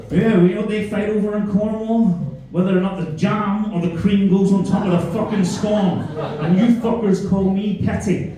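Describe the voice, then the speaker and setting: A man's voice: high-pitched, steady tone, moderate pace, hardly any pauses, dark tone. A man from Belfast with a Belfast accent, performing a stand-up comedy set with crude, mocking banter aimed at the crowd. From Northern Ireland. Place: comedy club stage before a live audience. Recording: very echoey room, voice from a distance.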